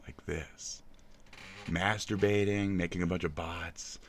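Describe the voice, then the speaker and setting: A man's voice: low voice, a bit bright. A man streaming live, ranting and mocking with crude swearing in casual reaction talk.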